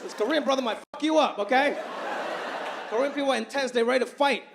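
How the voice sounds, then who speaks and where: A high-voiced man in his thirties works a stand-up set into a handheld mic, animated and quick to slip into exaggerated voices for his family. The live show is recorded with plenty of audience noise underneath. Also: creaky. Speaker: stand-up comedian. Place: large theater stage with live audience.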